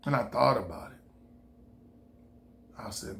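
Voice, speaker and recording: A man's voice: a little high, expressive, a little slow, creaky, a bit bright. A man casually telling a personal story, rambling and repeating himself while he quotes his own thoughts. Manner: rambling, repetitive, quoting himself. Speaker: vlogger.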